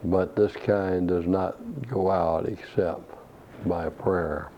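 A man's voice: low-pitched, steady tone, slow pace, a little hiss or hum. A man preaching a sermon, asking rhetorical questions and quoting scripture. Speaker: pastor. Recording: dull lo-fi recording.

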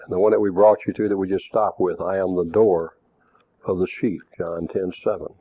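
A man preaching a Bible lesson, measured and reading scripture passages aloud. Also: sits low, steady tone, dry recording. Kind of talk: Bible teaching. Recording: tinny phone-like recording.

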